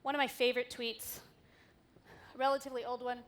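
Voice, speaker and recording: A woman's voice: a little high, little pitch movement, brisk. A woman giving a candid, wry conference talk on stage, swearing casually as she goes through her slides. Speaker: conference speaker.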